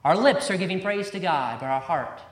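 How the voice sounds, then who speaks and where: A man's voice: high-pitched, lively intonation, a little fast. A man preaching a sermon with emphasis, repeating key words and quoting scripture in old-fashioned wording. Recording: roomy echo.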